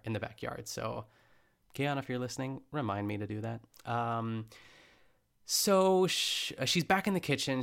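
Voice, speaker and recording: Recapping a cooking show in casual chat, a young man speaks in a lowish voice with vocal fry and a fairly bright tone. His talk rambles, full of fillers and self-corrections.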